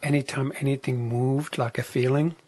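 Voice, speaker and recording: A man talking reflectively as an interview guest, soft-spoken and often dropping into a whisper. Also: mid-range voice, steady tone, normal speed.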